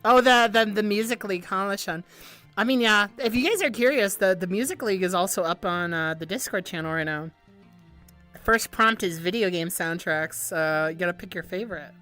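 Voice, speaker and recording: Female livestream host, casual chat, excitable and rambling with frequent swearing, mid pitch, light music under her. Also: brisk. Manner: rambling and excitable, swears a lot and laughs often. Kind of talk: casual livestream chat answering viewer questions.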